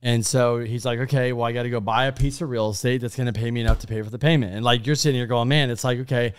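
A man co-hosting a casual podcast chat, speaking at an ordinary middle pitch. He rambles through animated stories, stacking restarts and asides as he goes. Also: quick pace, clean tone. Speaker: podcast co-host.

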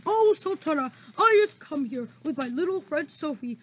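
A woman voicing a towering, gentle male giant who mangles his words, slow and loud in his proclamations. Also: sits high, expressive. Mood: exclaiming.

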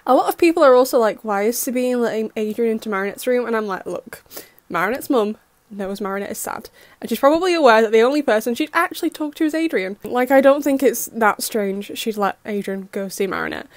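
A young woman recapping a cartoon episode in a gushing, excitable fangirl way. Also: a little high, brisk, no room sound. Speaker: fan reaction host.

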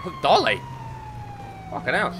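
A man with a British accent commentating on his gameplay, excitable, swearing a lot and laughing often. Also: high-pitched, a little slow, background noise. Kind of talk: casual let's play commentary.

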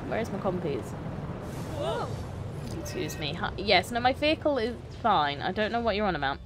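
A woman's voice: mid-range voice, big pitch swings, moderate pace, noisy background. A young woman streaming a game, chatting to herself and to the characters on screen. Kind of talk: casual gameplay commentary.

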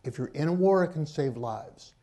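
A man's voice: a little high, lively intonation, moderate pace, dark tone. A man on a panel making emphatic points with rhetorical questions and wry asides. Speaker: author and journalist on a panel. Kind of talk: panel discussion.

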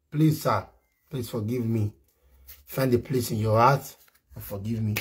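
A man's voice: mid-range voice, steady tone, normal speed, over loud music. A man with a Nigerian accent delivering a pleading, repetitive apology, mixing Pidgin and Yoruba. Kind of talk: apology video monologue.

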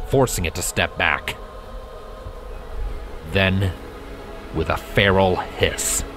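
A man reading a fan fiction story aloud as narrator, steady and dramatic. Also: deep voice. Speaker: fanfiction reader. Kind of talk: audiobook narration. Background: background music.

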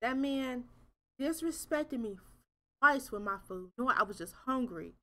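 High, bright-voiced woman gaming streamer. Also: measured pace. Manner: animated, swears, talks to viewers as y'all. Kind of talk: casual let's-play commentary.

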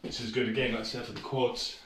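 A man's voice: medium pitch, fairly even intonation, fast. A British man leading a home workout, talking casually and encouragingly while slightly out of breath. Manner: casual, encouraging, loose phrasing. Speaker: fitness instructor. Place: room at home. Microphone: far camera mic. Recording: roomy, distant, noisy home video.

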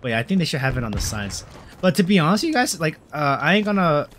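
A young man giving casual, slangy gameplay commentary, swinging between mumbles and loud excited outbursts. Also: on the high side, fast, a little hiss or hum. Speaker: gamer. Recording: game gunfire loud behind voice.

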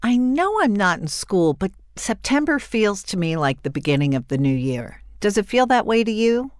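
A woman's voice: medium pitch, moderate pace, no room sound, studio quality. An older woman hosting her own podcast, talking chattily and effusively in a solo monologue. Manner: chatty, animated and warmly effusive. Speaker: podcast host.

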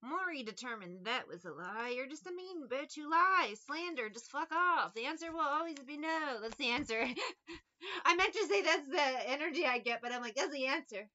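A woman's voice: high voice, lively intonation, moderate pace, bright, forceful tone, dull audio. A woman giving a casual tarot reading in a blunt, profane, mocking way. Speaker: tarot reader.

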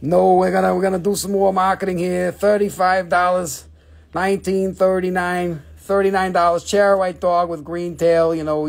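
A man selling on a live stream, rambling and joking with plenty of swearing. His voice sits a little high and carries a gravelly fry. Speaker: seller on a live shop stream. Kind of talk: casual live sales chat.

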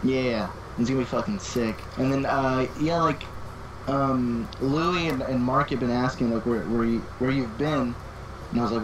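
A man's voice: mid-range voice, normal speed, background noise. A man calling in to a stream, chatting casually and laid-back with lots of fillers. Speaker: caller. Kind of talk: casual phone-in chat.

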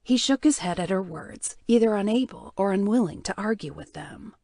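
A woman reading an audiobook in a measured, even storytelling manner. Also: mid-range voice, gravelly, dry recording, studio quality. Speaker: audiobook narrator. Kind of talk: scripted narration.

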